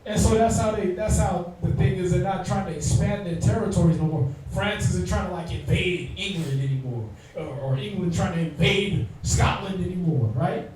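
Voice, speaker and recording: High-voiced man teaching in echoey room. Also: moderate pace, few pauses, darkish tone, distant mic, a little hiss or hum. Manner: slangy, joking, talks straight to the class. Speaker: Bible class teacher. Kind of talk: informal Bible class teaching.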